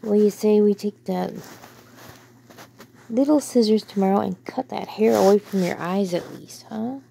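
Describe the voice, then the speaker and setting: A woman's voice: mid-range voice, moderate pace, vocal fry, warm tone, husky. A woman filming her dogs at home on a phone, talking to them in a playful baby-talk way with chuckles. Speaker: dog owner filming her pets. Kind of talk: casual talk to pets. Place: home indoors.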